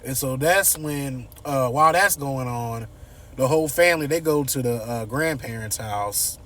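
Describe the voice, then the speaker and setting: A man who reviews TV episodes recaps one casually, telling it in a loose, slangy way and acting out the characters' lines. His voice is mid-range, slightly bright and moderately paced, picked up on a distant mic with a little hiss or hum.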